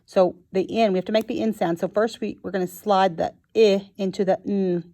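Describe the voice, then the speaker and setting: A woman teaching a phonics lesson to young children, sounding out each word slowly and clearly. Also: medium pitch, fairly even intonation, mellow. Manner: slow and clear, sounding out words.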